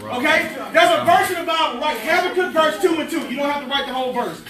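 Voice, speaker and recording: A man, giving an energetic, preachy motivational speech with call-and-response to students in a large hall. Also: extremely high pitch, fast. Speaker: motivational speaker. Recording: echoey hall from far off, chattering crowd.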